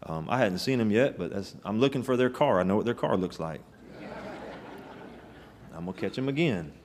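A man's voice: on the low side, expressive, normal speed, darkish tone, slight background noise. A man preaching a sermon, telling stories in a folksy, emphatic way with rising bursts. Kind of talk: sermon with storytelling.

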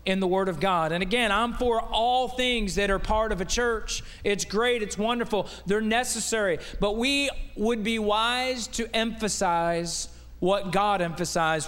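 Man, guest preacher, high voice, folksy conversational sermon, rhetorical questions, long reverb of a church hall. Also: a bit bright. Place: church sanctuary.

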